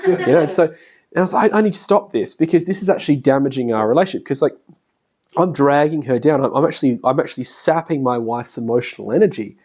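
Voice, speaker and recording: A man's voice: mid-range voice, quick pace, a little mellow. A middle-aged man giving a casual spoken lecture, chatting, laughing often and acting out the voices of family members. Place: classroom.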